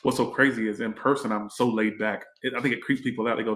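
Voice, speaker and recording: Casual male tarot livestreamer, mid-pitched, rambling and profane, echoey room. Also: fairly even intonation, quick pace, hardly any pauses, a bit bright, a little hiss or hum. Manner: rambling, chatty, swears freely. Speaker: tarot reader and livestream host.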